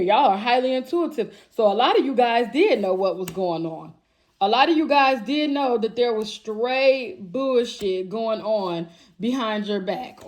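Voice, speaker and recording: Wanita pembaca tarot yang blak-blakan dan kasar. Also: female voice, on the high side, a little mellow. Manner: blunt, profane, emphatic, addresses viewers as y'all. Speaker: tarot reader. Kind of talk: channeled tarot reading to camera.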